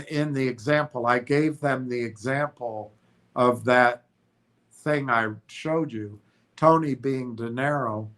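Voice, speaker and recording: A man with a stuffy, congested voice hosts a casual stock livestream. He talks slowly and haltingly, often restarting and correcting himself as he reads his notes aloud. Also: medium pitch, a bit bright. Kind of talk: casual stream commentary, reading notes aloud.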